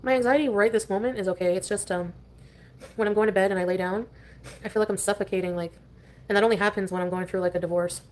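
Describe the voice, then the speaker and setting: A woman talks to her livestream audience in a loose, rambling way. She jumps between topics mid-thought. Her pitch sits in a plain middle range. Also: steady tone, quick pace. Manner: scattered, chatty, drifting between topics.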